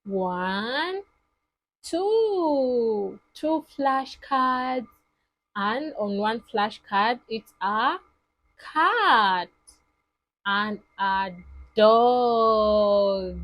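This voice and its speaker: A woman teaching toddlers, speaking in a slow, sing-song, exaggerated way. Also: fairly high pitch, expressive, fairly bright tone. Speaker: children's teacher. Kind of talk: toddler lesson.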